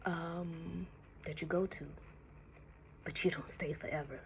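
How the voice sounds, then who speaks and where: Slow, whispery woman with a gravelly voice. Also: lowish voice, fairly even intonation, a little hiss or hum. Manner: slow, soothing, often drops to a breathy whisper, calls listener honey. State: emotional, near tears. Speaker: tarot reader. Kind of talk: spiritual message to viewers.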